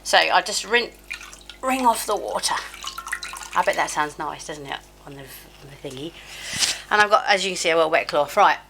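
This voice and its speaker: A woman's voice: low voice, expressive, moderate pace, gravelly, long pauses, noisy background. A woman in her fifties chatting casually through her bedtime skincare routine, self-deprecating and laughing at herself. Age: 50s. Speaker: beauty vlogger. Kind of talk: casual skincare tutorial chat. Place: home, at a sink. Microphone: camera close up.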